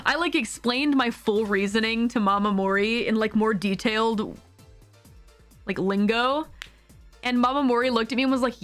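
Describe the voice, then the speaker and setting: A woman's voice: a little high, a little slow, long pauses, a bit bright, soft background music. A young adult woman streaming a video game, chatting casually, laughing often and speaking bluntly with some swearing.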